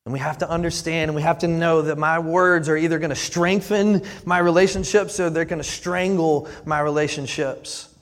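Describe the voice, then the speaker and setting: An earnest male pastor preaching a sermon, often repeating words as he presses a point. His voice sits a little high for a man. The sound carries a long reverb from a church sanctuary. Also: fairly even intonation, normal speed, few pauses. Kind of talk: sermon with live demonstration.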